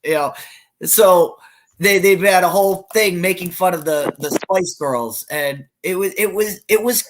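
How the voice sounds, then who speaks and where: A man's voice: sits high, measured pace, background noise. A male podcast co-host in casual sports chat, rambling with many restarts.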